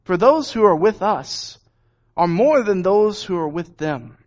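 Brief: man voicing a calm, prayerful prophet, higher voice, dull lo-fi audio. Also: a little slow. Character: male old prophet, calm and assured. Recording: dull lo-fi recording.

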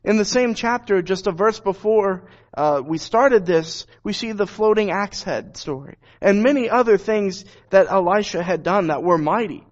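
A man's voice: sits high, normal speed, few pauses. A man reading scripture and then preaching on it in an earnest, emphatic way. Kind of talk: Bible reading and sermon. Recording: dull lo-fi recording.

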